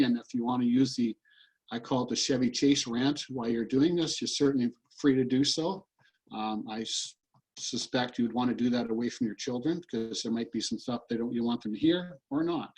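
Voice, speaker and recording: Over a video call, a male EFT practitioner and coach guides listeners through a tapping demonstration, earnestly repeating short statements. His mid-range voice moves at normal speed with a darkish tone. The recording is rough.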